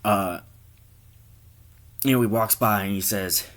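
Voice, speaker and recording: A man improvising a comic story in a loose, rambling way, swearing freely as he goes. His voice sits fairly low. The delivery is offhand and conversational. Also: takes it slowly, long pauses, a bit bright.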